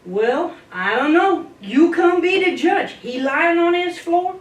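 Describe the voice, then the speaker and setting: A woman voicing a big, tough but dim-witted male wolf in a spoken folk tale, with a slow folksy drawl. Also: very high-pitched, animated, voice pushed up, heavily acted. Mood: insistent. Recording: echoey room, distant mic, faint hiss.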